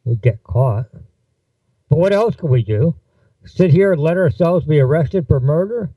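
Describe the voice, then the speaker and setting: A man reading a first-person story aloud, giving the characters' lines with shifts in pitch. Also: animated, measured pace, mellow, slightly rough, dry recording, recorded from a distance, poor audio. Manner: voices dialogue with shifts in pitch. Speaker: narrator. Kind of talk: audiobook-style fiction reading.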